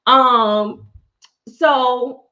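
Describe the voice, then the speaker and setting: Sassy, animated woman livestreaming. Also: high-pitched, drawn-out words. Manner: sassy, animated, laughs often, calls viewers baby and y'all. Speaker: livestream host. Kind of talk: casual livestream chat with viewers. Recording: dull lo-fi livestream audio.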